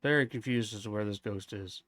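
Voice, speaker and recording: A man's voice: lowish voice, fairly quick, a bit bright, slight background noise. Chatty male game streamer. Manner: chatty and friendly, thinks aloud, greets chat. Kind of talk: live gameplay commentary, chatting with viewers.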